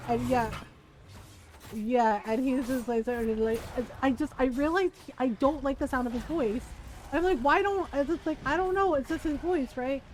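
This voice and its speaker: A fairly high-voiced woman talks freely while she plays a game. She laughs often and breaks into little acted-out impressions. Faint background noise sits under her voice. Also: low-quality recording. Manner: chatty, laughs often, animated mimicry. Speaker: streamer. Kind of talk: casual gaming stream chat.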